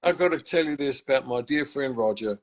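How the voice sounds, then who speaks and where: Speaking fairly quickly at medium pitch, an older musician from England recounts stories as a guest in a relaxed interview. His faith talk is warm and reflective, full of restarts, and the recording is rough.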